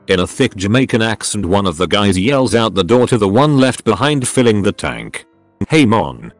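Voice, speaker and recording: A man with a fairly low voice reads stories aloud in a plain storytelling way, his pitch moving a lot. The recording is close and dry. Faint music plays underneath. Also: dry recording. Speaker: narrator. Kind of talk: reading online stories aloud.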